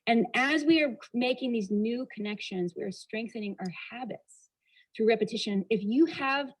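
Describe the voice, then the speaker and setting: A woman's voice: a little high, normal speed, poor audio. A woman giving a motivational talk as a storyteller, acting out dialogue and asking the audience rhetorical questions. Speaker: motivational speaker.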